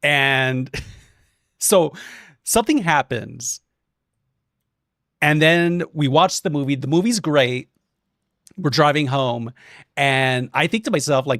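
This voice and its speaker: A young man streaming, chatting casually and telling a story, animated and swearing, acting out quotes in different voices. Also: on the high side, moderate pace, pauses often, no room sound, clean studio sound.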